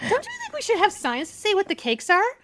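A woman voicing a squeaky, passive-aggressive wedding guest who nags in a falsely sweet, apologetic way. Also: wildly swooping pitch, fast, a bit bright, slight background noise, full character voice. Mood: nagging. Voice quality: high squeaky voice.

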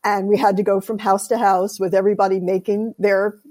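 A woman, an author, telling family stories in a casual interview, animated and laughing often, with a raspy voice. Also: mid-range voice, a little fast. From United States. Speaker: guest, author.

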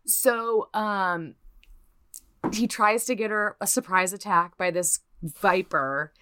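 A woman co-hosting a podcast, telling a true crime story in casual, profane chat and putting on quick voices for the people in it. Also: mid-range voice, bright, forceful tone, smooth, no room sound, studio quality.

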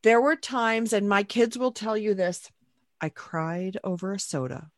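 A woman's voice: medium pitch, a little slow, dry recording. Chatty woman with a dry, close sound. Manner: chatty, storytelling, animated anecdotes. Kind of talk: casual podcast conversation.

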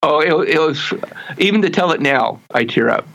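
A man, a guest in an interview, telling his life story earnestly and haltingly, with frequent restarts and slowing down to stress his message. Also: a little high, animated, creaky, a bit bright, low-quality recording.

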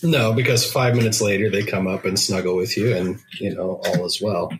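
A man answers questions on a podcast in short, easygoing replies. His voice sits low. Faint noise can be heard behind him. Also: fairly even intonation, moderate pace. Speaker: guest. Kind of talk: casual conversation.

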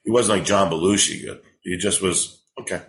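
A man with a lowish voice chats casually on a podcast, rambling through stories with plenty of swearing. He is a comedian in his forties, and his delivery is loose and animated. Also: normal speed, low-quality recording. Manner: rambling, profane, animated storytelling. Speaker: comedian guest.

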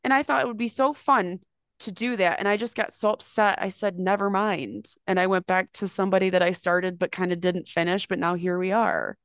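A woman co-hosting a casual podcast, chatting and storytelling in an animated way, swearing freely and acting out quotes in a higher voice. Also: a little fast, smooth, no echo, studio quality. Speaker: podcast co-host.

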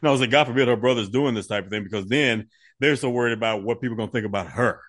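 A man's voice: medium pitch, racing, fairly bright tone, no room sound, studio quality. A man co-hosting a podcast, explaining his points emphatically and filling his talk with "you know". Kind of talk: casual podcast chat.

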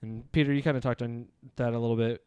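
A man with a smooth, clean voice hosts a laid-back movie podcast. He rambles loosely and pokes fun at himself. The sound is dry and close, with no room around it. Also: mid-range voice, steady tone, fast, warm tone, no room sound. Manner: loose, rambling, self-deprecating. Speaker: podcast host. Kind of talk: casual podcast chat.

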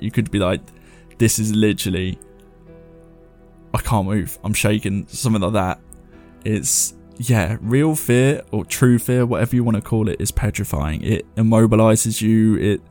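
A man hosts a show, chatting loosely and reading viewers' ghost stories aloud while laughing at himself. His voice is lowish, gravelly and darkish in tone, suited to this casual commentary and reading.

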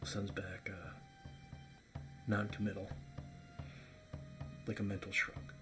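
A man narrating as game master of a tabletop game, halting, with many fillers. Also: lowish voice, completely flat delivery, music in the background.

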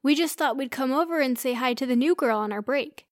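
A big, cheerful young man with an eager, bouncy way of talking, as a woman reads him in a storybook. The voice sits fairly high. The sound is close and dry. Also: a little fast, dry recording, natural voice. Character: huge friendly young man, cheerful and booming.

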